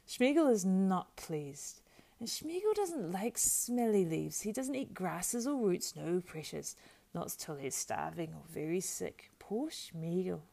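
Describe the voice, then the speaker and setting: A woman voicing a wretched, sly male creature who hisses, shrieks and whines in drawn-out, pleading words, in an audiobook. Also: lowish voice, lively intonation, creaky, mellow, full character voice. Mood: whining. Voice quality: hissing, shrieking, whiny. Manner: drawn-out, pleading, lisping wheedle. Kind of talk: audiobook character voice.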